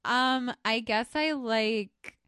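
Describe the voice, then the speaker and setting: Female podcast co-host, bright and fairly high voice, slow and giggly. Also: clean tone, no room sound, studio quality. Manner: slow, hesitant, laughs often. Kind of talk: casual podcast chat.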